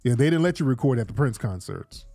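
A man's voice: medium pitch, animated, fast talker, dark tone, dry recording. A man hosting a casual commentary vlog, rambling, repeating himself and laughing often. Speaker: vlog host.

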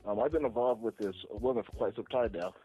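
Husky-voiced male caller, low and earnest. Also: fast, mellow, soft background music, rough recording. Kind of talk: phone call to a radio show.

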